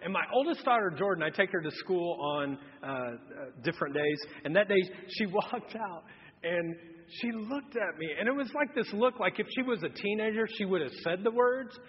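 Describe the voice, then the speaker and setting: A man in his thirties preaching a humorous sermon, telling a self-mocking story in an animated way. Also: sits high, moderate pace, breathy edge, big-room sound, lo-fi sound. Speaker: pastor. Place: church auditorium.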